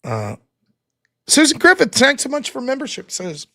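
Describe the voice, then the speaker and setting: A high-voiced man hosts a casual livestream, venting with heavy swearing. His pitch swings widely from line to line, and his tone is bright and tense. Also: huge pitch swings, normal speed. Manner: exasperated, profane venting. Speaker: livestream show host. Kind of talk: casual livestream talk, reading viewer donations.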